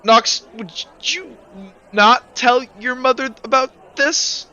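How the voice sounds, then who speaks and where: A man's voice: very high voice, takes it slowly, sharp tone, clear, resonant tone, muffled recording, voice pushed up, heavily acted. A man voicing a chubby, wheedling male vampire who sells knives, in a tabletop game. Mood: chummy. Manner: wheedling, chummy. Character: chubby male vampire knife merchant, conspiratorial.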